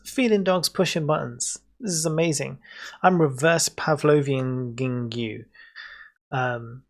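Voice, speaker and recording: A British streamer jokes and rambles with his chat while playing a game. His voice is a little high with a gravelly texture.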